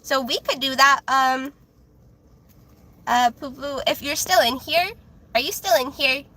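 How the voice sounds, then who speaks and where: A woman's voice: high-pitched, fairly even intonation, unhurried, pushed and bright, low-quality recording. A woman streaming live as a tarot reader, chatting casually with many fillers and restarts in a childlike voice.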